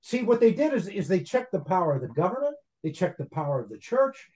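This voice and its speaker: Lively higher-voiced man. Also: fast. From United States. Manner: emphatic, insistent agreeing. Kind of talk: casual political chat.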